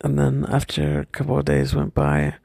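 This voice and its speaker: A young man telling a personal story from his school days, hesitant and halting, often stopping and restarting. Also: mid-range voice, big pitch swings, creaky, dark tone, no room sound.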